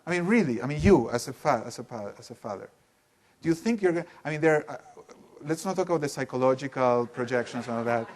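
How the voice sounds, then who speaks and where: A man leading a live seminar in a room with an audience, talking in an animated, emphatic way and putting questions to the listeners. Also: medium pitch, fast talker. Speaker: workshop teacher.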